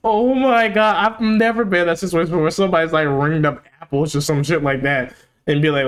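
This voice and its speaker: A man hosting a reaction video, chatting casually in a rambling, excitable way and swearing freely. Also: on the high side, fairly quick, clear, resonant tone.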